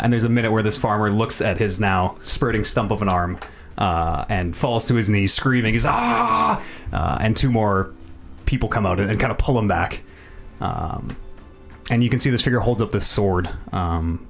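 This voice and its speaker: A man narrating as dungeon master, with many ums and restarts. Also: fairly low pitch. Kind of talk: narrating a tabletop game.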